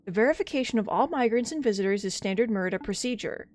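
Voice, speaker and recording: A woman voicing an officious male gate bookkeeper who talks curtly and scornfully in a loud voice. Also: medium pitch, lively intonation, fast, close to an everyday voice. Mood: stern.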